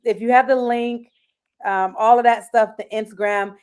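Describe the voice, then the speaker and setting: A woman's voice: a little high, fairly even intonation, normal speed, a little mellow, smooth. Bubbly woman co-hosting over a video call. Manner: bubbly and talkative, laughs a lot. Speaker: live stream co-host. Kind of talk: casual live-stream chat.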